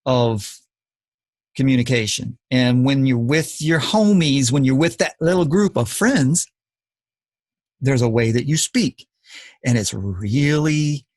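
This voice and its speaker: A man's voice: mid-range voice, dry recording. A man hosting a podcast, talking in an earnest, emphatic, lecturing way. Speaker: podcast host. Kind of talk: casual podcast talk.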